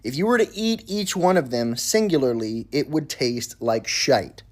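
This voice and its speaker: A man in casual commentary, explaining patiently at a mid pitch. He is relaxed and throws in the odd mild swear. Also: normal speed.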